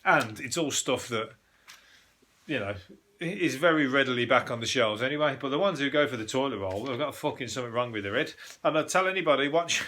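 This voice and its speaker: A man talks through odd news stories on his own show. His voice is bright and forward, and he rambles, swears freely and keeps breaking off to joke. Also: mid-range voice, slight background noise. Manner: sweary, jokey rambling with frequent laughs. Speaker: podcast host. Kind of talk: casual solo news commentary.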